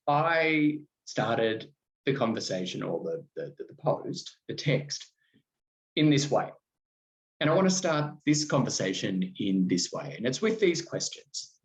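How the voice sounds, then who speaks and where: A man's voice: medium pitch, lo-fi sound. A man hosting a solo podcast, talking in a conversational, reflective way with restarts. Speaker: podcast host.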